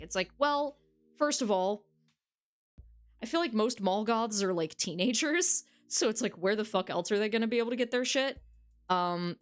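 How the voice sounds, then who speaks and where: A woman with a mid-range voice streams a dating game, reading its text aloud and chatting casually with viewers. She's frank and swears freely.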